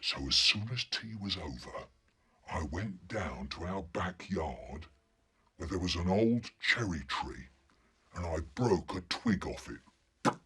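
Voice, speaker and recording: A man telling a childhood story to listeners, animated and acting out each scene. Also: low voice, slow pace, breathy edge. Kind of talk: storytelling performance.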